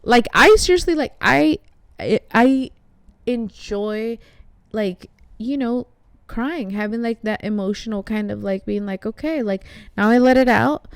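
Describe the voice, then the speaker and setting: Chatty high-voiced woman host. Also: measured pace, clear, resonant tone, no room sound. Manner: chatty, swears freely, lots of fillers. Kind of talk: casual conversation. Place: art studio shop.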